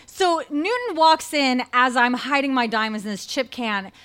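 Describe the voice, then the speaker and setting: Young woman storyteller, raised pitch, wry and animated comic delivery. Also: moderate pace, clean tone. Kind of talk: live personal storytelling.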